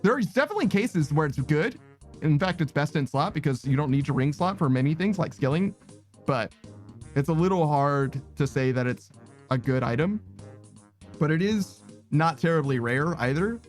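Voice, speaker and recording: A man chats loosely with his stream viewers as he plays, his voice sitting a little high for a man. He rambles, second-guesses himself and breaks into laughter often. Faint music plays underneath. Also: lively intonation, moderate pace. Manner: giggly, rambling, self-conscious. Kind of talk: casual chat with viewers while gaming.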